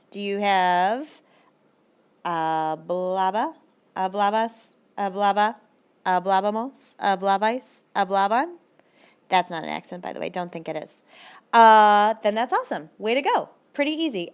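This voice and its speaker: A female teacher records a lively, encouraging video lesson, slowing and lengthening her Spanish examples. Her mid-range voice is smooth.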